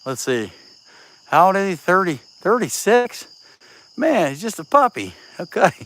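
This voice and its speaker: A Southeast Ohio chainsaw carver, out of breath, livestreams casually from a rural outdoor carving spot, joking folksily and reading out viewers' names in a country Appalachian-leaning accent. His voice sits high, very animated and a bit bright, at a measured pace; recording quality is low.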